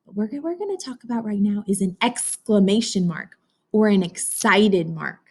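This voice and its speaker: A woman's voice: medium pitch, lively intonation, normal speed, darkish tone, breathy edge. A woman teacher giving a read-aloud phonics lesson to young children, encouraging them and talking to them as if they could answer. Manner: sing-song, encouraging, talks to kids as if they can answer.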